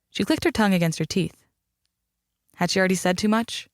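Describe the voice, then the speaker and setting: A man narrating a mystery audiobook in an even, steady storytelling manner. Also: sits high, brisk, long pauses, no echo, clean studio sound. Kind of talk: scripted narration.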